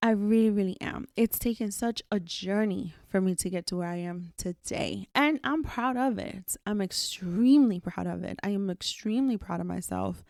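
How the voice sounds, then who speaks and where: A woman's voice: mid-range voice, moderate pace, vocal fry, hardly any pauses, a little mellow, dry recording, studio quality. A woman hosting her own podcast alone, talking candidly and emphatically and swearing freely. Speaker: podcast host. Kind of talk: solo podcast monologue.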